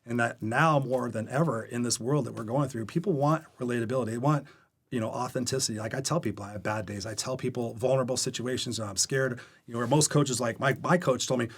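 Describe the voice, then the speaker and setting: Recorded for a podcast, this guest coach speaks quickly in a voice neither high nor low, with a breathy edge. He tells his stories with candor and energy in an interview chat, voicing other people's dialogue as he goes.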